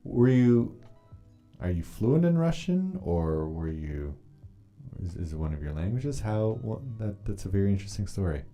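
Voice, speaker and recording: A man's voice: sits low, very animated, normal speed, warm tone, faint music behind. A man hosting a casual livestream, chatting in a rambling way, greeting viewers and reading their comments aloud. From Canada. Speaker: livestream host.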